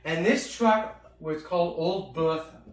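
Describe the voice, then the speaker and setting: High-voiced swearing storyteller man. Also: measured pace. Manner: animated, swears freely, acts out quoted people. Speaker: storyteller, co-host. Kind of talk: casual storytelling. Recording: echoey room, mic at a distance.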